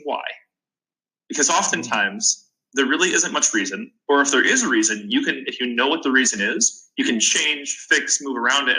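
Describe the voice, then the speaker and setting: A man in his twenties, a startup founder appearing as a podcast guest, offers earnest advice in a casual interview and often restarts his sentences. His mid-range voice sounds pushed and bright, and the recording quality is low.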